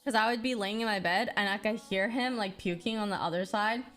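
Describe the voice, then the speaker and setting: A woman's voice: medium pitch, brisk. Laughing woman telling a story. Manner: animated, laughing, lots of "like".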